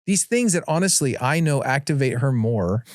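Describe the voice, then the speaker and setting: Speaking at normal speed in an animated, mid-range voice, a man who has four kids gives sincere, relaxed advice as a podcast guest, performing the things he says to his family. The recording is dry and clean, with studio sound.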